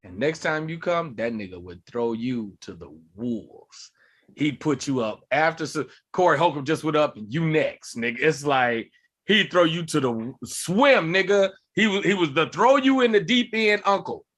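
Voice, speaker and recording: A man, a comedian and podcast co-host, telling animated, profane stories in casual chat. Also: fairly high pitch, normal speed.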